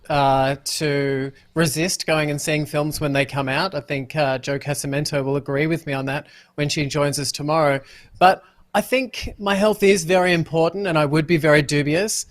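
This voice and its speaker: A man on a news panel giving his view in a measured, slightly hesitant way. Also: fairly high pitch. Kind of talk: opinion commentary.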